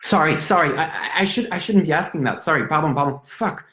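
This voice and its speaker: A man's voice: fairly high pitch, animated, fast talker, sharp tone, voice pushed up. A man with a French accent playing a drunk, apologetic young Frenchman in a stage monologue, rambling and stumbling over his words. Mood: awkward, chatty. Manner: rambling, stammering, switches between English and French. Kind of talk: theatrical monologue. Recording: roomy echo.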